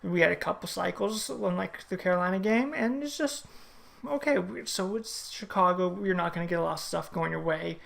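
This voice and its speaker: Fan-reaction vlogger: very gravelly voice, casual play-by-play recap with strong opinions. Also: medium pitch, fairly quick, fairly bright tone. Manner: play-by-play retelling, opinionated and chatty. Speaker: hockey fan reviewing a game. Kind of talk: casual game recap vlog.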